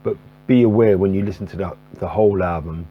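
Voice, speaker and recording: A man's voice: deep voice, a little fast, phone-quality sound, faint music behind. A man talking casually about his jazz record collection in a rambling way, full of fillers and restarts. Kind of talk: casual to-camera talk. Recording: faint electrical buzzing hum.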